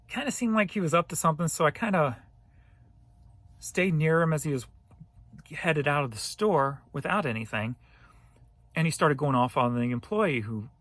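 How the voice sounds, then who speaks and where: A man, a thrift reseller, telling a story straight to camera in a casual, animated way, cursing now and then. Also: on the high side, no room sound. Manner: animated, profane ranting retelling.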